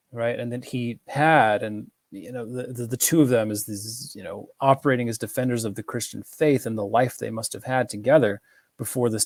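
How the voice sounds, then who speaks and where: A man's voice: mid-range voice, a little mellow, dry recording. Rambling man with a dry, close sound. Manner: rambling, many fillers and restarts. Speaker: film commentator. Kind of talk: casual film analysis talk.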